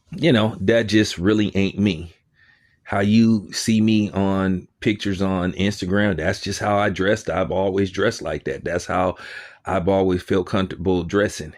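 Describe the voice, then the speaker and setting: A man with a fairly low voice talks in a loose, conversational way, like an informal commentary show. He tells his story with energy and acts out the remarks of others as he goes. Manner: conversational, animated storytelling with quoted asides. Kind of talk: casual spoken commentary.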